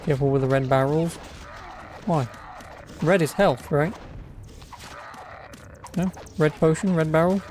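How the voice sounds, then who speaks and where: A man's voice: fairly high pitch, measured pace, pauses often, darkish tone, a little hiss or hum. Wry man narrating gameplay. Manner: wry, sarcastic. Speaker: let's play streamer. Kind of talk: casual gameplay commentary.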